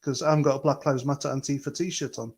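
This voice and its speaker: A man's voice: mid-range voice, steady tone, fast talker, a little mellow, slightly rough. A man hosting a livestream, talking earnestly and rambling as he reads out chat comments. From Britain. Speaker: livestream host.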